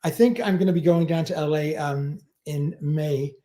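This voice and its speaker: A man hosting a relaxed livestream, with a mellow, somewhat high-pitched voice. He rambles from one anecdote to the next and often chuckles along the way. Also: normal speed. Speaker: livestream host. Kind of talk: casual chat.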